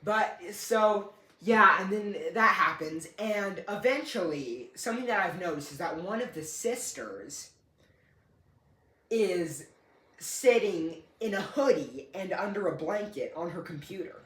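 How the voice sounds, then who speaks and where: A man's voice: high voice, lively intonation, measured pace, sharp tone. A young man casually telling a story, rambling and correcting himself, with a dry, joking humor. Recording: echoey room.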